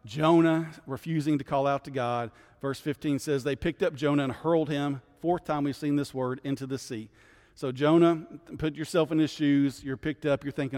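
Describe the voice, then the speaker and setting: A man's voice: fairly high pitch, steady tone, normal speed, a little mellow, long reverb tail. A male guest pastor leading a bible study, teaching in a conversational way and often checking in with "right?". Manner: conversational, keeps asking "right?".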